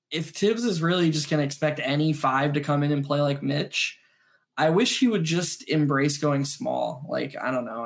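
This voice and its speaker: A man co-hosting a postgame sports podcast, breaking down plays in quick, animated analysis with some restarts. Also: a little high, vocal fry. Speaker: podcast co-host.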